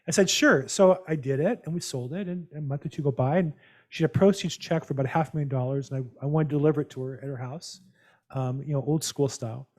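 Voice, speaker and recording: A man hosting a real estate call, telling animated, rambling stories with many restarts over a video call. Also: a little high, fast. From United States. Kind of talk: casual storytelling on a video call.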